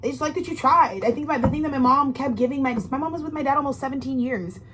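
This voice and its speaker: Brief: woman tarot reader, fairly high voice, slangy and profane, rambling direct address, faint noise behind. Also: fast. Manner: rambling, emphatic and profane, with frequent restarts. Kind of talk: casual tarot reading monologue.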